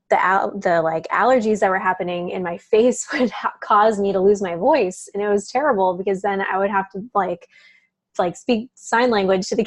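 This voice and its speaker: A woman's voice: mid-range voice, no room sound. A woman talking casually as an interview guest, telling a personal story with frequent laughs and lots of filler words. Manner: chatty, laughs often, many "like" fillers.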